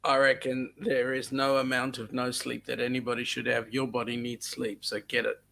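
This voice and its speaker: Man, co-host, gravelly voice, dry one-liners. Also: mid-range voice, monotone, moderate pace, sharp tone, slight background noise. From Australia. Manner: dry, short quips.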